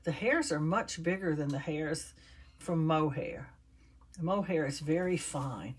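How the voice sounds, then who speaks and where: An older woman speaks a little slowly in a low, expressive, slightly rough voice. Chatting away to her viewers, she stuffs and assembles a handmade doll for a casual crafting vlog.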